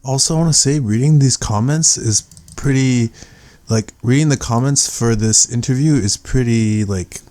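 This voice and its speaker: A man's voice: medium pitch, normal speed, darkish tone, dry recording. Rambling man with a dry close sound. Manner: rambling, filler-heavy, many restarts. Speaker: conspiracy video commentator. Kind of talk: casual rambling commentary.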